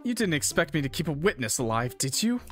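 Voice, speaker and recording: A cold young cannibal woman who talks down to everyone with dry, bored scorn, as a man reads her lines in a game. Her pitch swings widely even while she sounds unimpressed, and faint music plays underneath. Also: fast. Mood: menacing.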